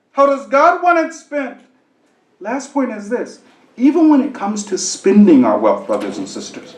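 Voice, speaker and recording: A high-voiced man preaches in an echoey hall, his pitch leaping up and down as he tells a story. He acts out the voices in it, then draws a lesson for the congregation. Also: a little mellow. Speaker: sheikh giving a talk. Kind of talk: sermon with a humorous story. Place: mosque hall with an audience.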